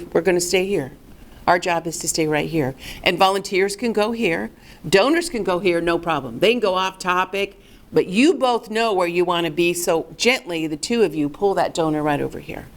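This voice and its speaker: A middle-aged woman presenting a recorded workshop lesson in an emphatic, coaching way, asking and answering her own questions. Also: fairly low pitch.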